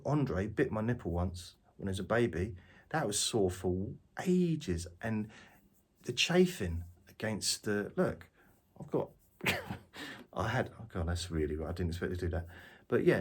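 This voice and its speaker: Man, deep and breathy, off-the-cuff walking vlog, wry and rambling. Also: big pitch swings, unhurried. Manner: jokey, self-mocking, digressive. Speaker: vlogger. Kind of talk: rambling spoken monologue to camera. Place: outdoors, walking around.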